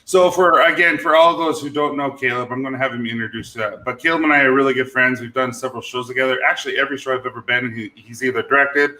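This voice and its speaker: A male host runs a casual livestream with an upbeat, joking manner, calling out viewers by name. His voice is bright and forceful. The sound has a roomy echo around it. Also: medium pitch, steady tone, quick pace, few pauses.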